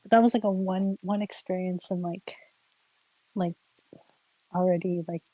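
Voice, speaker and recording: A young woman streamer casually telling a ghost story, animated and giggly, full of "like" fillers. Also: lowish voice, unhurried, dry recording, rough recording. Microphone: streaming mic.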